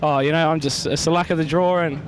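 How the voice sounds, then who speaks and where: A man's voice: fairly high pitch, fairly even intonation, fast talker, heavy background noise. A man with a New Zealand accent, a racing driver talking elatedly after finishing second. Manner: elated, repeats mate and stoked. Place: outdoors at a speedway.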